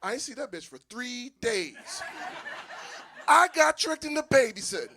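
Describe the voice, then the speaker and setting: With a noisy background behind him, a very high-pitched Philadelphia man speaks at normal speed during a stand-up comedy set. The small live venue has an audience, and his storytelling is loose and animated, with frequent laughs at his own jokes.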